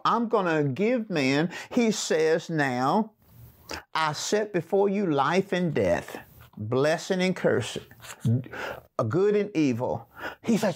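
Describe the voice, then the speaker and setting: A man teaching a sermon-style Bible lesson. He reads scripture aloud, explains it in plain words, and repeats key phrases for emphasis. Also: fairly high pitch.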